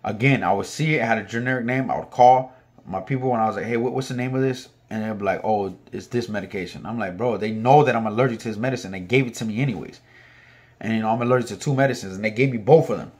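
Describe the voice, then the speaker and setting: A man telling a story in a casual, slangy way, getting animated when he retells arguments. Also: fairly low pitch, fast.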